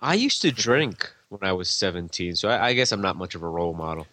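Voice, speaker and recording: A man co-hosting a casual podcast, teasing the others and telling quick stories. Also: low voice, no room sound. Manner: lively, teasing storyteller. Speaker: podcast co-host.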